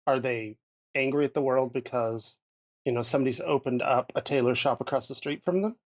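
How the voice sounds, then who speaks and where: A man's voice: medium pitch, no room sound, dull audio. A man co-hosting a podcast, chatting casually about running tabletop games, with many thoughtful restarts. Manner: thoughtful, restarts a lot, drifts loose and slow. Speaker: podcast co-host, game master.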